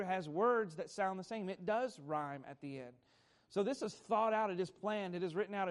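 A man preaching a Sunday morning sermon, teaching at a measured pace, stressing key words and putting questions to the congregation. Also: high-pitched. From America. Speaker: pastor.

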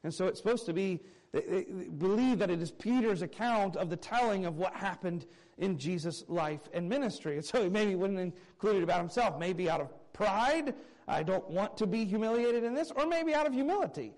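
Man preacher, high voice, animated expository sermon that swings from raised points to soft asides. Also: brisk, rough recording. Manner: earnest expository preaching, reading scripture aloud; animated, swinging between raised emphasis and quiet low asides. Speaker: pastor.

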